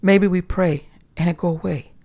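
A man's voice: high-pitched, steady tone, normal speed, vocal fry, darkish tone. A man playing a terrified sailor in broken English. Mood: fearful. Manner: broken English, trembling whispers.

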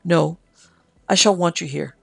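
A man's voice: a little high, measured pace, gravelly, a bit bright, husky, dry recording, faint music behind, full character voice. A man voicing a bossy, self-important village midwife woman in a story, with curt, commanding lines.

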